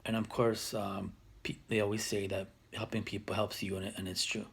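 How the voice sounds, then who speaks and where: A man's voice: lowish voice, level tone, a little fast, creaky, breathy edge. A man in his thirties talking to camera for his own video channel, rambling with many restarts and fillers. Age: 30s. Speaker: vlogger. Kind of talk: casual talk to camera.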